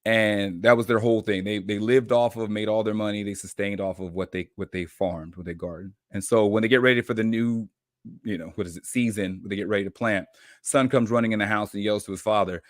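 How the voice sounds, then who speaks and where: A man on a podcast as a guest coach, telling a story in an animated, informal way. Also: lowish voice, a little fast, no echo, studio quality. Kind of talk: casual storytelling.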